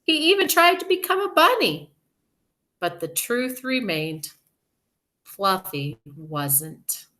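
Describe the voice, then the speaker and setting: Slow, animated woman teacher. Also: medium pitch. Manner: slow, expressive and gentle. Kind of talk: reading a storybook aloud to children.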